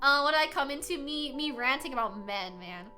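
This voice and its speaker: A high, bright young woman chats to her livestream audience with a lot of laughter and casual swearing. Her pitch swings widely as she tells a story, and faint music plays behind her. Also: expressive, brisk.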